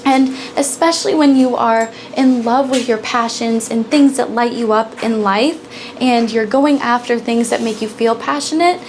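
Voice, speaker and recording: A woman's voice: on the high side, slight background noise. A woman giving a casual pick-a-card tarot reading, bubbly and giggly, laughing often between sentences. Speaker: tarot reader.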